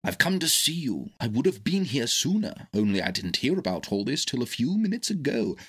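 A brisk, kindly old doctor, earnest and lively, as a man reads him aloud. He speaks noticeably higher than the reader's own low voice, with a husky edge. His pitch swings widely as he explains and gives instructions. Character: kindly eccentric older male doctor. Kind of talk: audiobook character reading.

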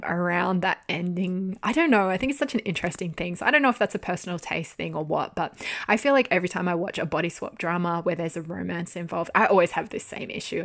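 A young woman hosting a podcast, chatting casually and animatedly about a drama, laughing often and swearing now and then. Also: on the low side. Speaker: podcast host. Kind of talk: casual drama review monologue.

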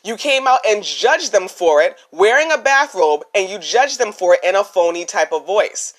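A woman hosts a podcast and talks through her opinions in a loose, conversational way. Her voice sits at a middle pitch, and she keeps dropping in "you know" and "right?" as she goes. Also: animated, normal speed. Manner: chatty, opinionated, many "you know" fillers. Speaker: podcast host. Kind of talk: casual commentary.

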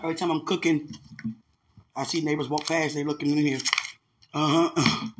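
A man's voice: fairly high pitch, level tone, normal speed, heavy background noise. A man talking casually to his viewers while he cooks at home, earnest and religious, rambling and laughing often. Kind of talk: casual livestream chat while cooking. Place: home kitchen. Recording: roomy echoey kitchen, faint dish clatter.

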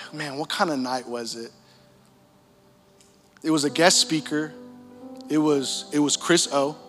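A young man preaching, telling his story in an animated, casual way with slang and frequent laughter. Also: fairly high pitch. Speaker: pastor. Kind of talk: sermon testimony. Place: large church hall. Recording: church hall reverb with music.

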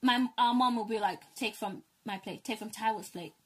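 Husky young woman telling stories. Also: fairly high pitch, normal speed. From African family, raised in Britain. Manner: animated storyteller, mimics parents' voices. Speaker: co-host. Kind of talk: casual chat.

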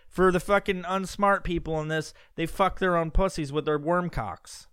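A podcast host doing a comedic rant, profane, loud and mocking as he reads news aloud. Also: a little high, expressive, normal speed, hardly any pauses, clean tone, no echo.

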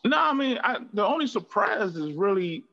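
A man's voice: high voice, big pitch swings, moderate pace, gravelly, bright, forceful tone, lo-fi sound. A man on a casual sports podcast who rambles and halts, leaning on "you know". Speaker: podcast guest.

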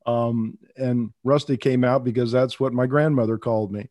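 A man's voice: medium pitch, steady tone, normal speed, darkish tone, no echo, clean studio sound. An older man who grew up in Minnesota and Texas, a guest in an interview, telling his story reflectively with many fillers and some stuttering. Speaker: guest, veterinarian. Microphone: remote call.

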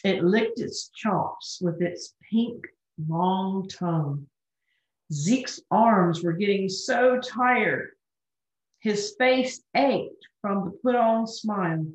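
A woman reading a children's story aloud with gentle expression. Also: mid-range voice, very slow. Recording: roomy, dull lo-fi recording.

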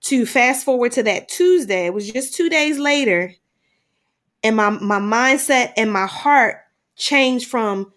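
A middle-aged woman telling a personal story in conversation, animated at times and quiet at heavy moments. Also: fairly high pitch. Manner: animated, acts out dialogue in quick bursts. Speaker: guest sharing a personal story.

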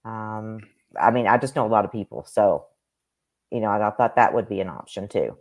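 A woman with a very low voice talks casually on a live stream as a psychic medium. She rambles and hesitates, using many fillers. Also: animated, fairly quick, darkish tone.

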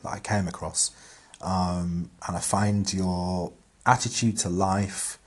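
A man leaves a call-in message for a podcast host, speaking earnestly in a deep voice. His tone is husky and a little rough. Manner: earnest, warm praise. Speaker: caller.

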